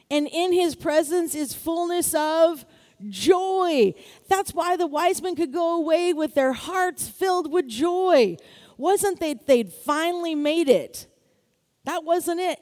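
A middle-aged woman preaching a sermon in a lively, exclaiming way, often asking for amens. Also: high voice. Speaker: pastor.

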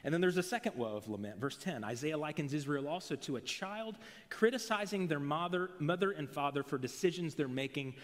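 Recorded on a pulpit mic in a church sanctuary, this male pastor delivers his sermon earnestly, pushing phrases upward with emphasis. His voice is on the high side, expressive and fairly quick, trailed by the long reverb of a big hall.

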